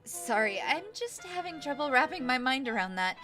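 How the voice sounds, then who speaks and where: A woman's voice: high-pitched, big pitch swings, normal speed, over music. A young woman streamer playing a game, reading its text aloud and commenting in a bemused, playful way.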